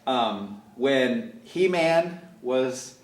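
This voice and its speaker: A man's voice: medium pitch, extremely slow. Guy telling goofy stories, laughs a lot, echoey room, sitting back from the mic. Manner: storytelling, animated, laughs often. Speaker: guest. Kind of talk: casual chat. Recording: roomy, from a distance.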